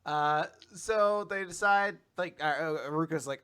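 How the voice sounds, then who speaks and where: A man's voice: fairly high pitch, a little slow, hardly any pauses, pushed and bright, clean tone. A man co-hosting a casual recap chat, animatedly retelling scenes and acting out characters' lines, swearing casually. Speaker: podcast co-host.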